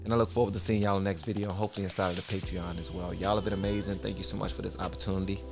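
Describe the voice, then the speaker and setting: Gravelly low-voiced reaction host man. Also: little pitch movement, very fast, over music. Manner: laid-back, chatty, slangy. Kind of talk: casual reaction commentary.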